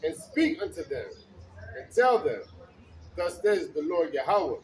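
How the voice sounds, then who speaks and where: A man reading old-style scripture verses aloud outdoors, slowly, sometimes stumbling on words. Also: on the high side, very animated, slight background noise, low-quality recording. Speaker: scripture reader.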